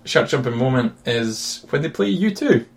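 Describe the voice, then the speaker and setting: Lively, laughing man on a podcast. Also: medium pitch, moderate pace, vocal fry, a little hiss or hum. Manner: jokey, laughs often, animated. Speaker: podcast co-host. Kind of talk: casual film podcast chat.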